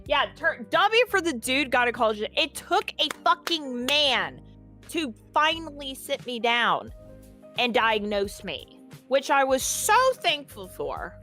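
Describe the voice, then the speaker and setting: A woman's voice: high-pitched, big pitch swings, measured pace, pushed and bright, faint music behind. A woman guest in an interview, telling a personal story in a casual, candid and profane way.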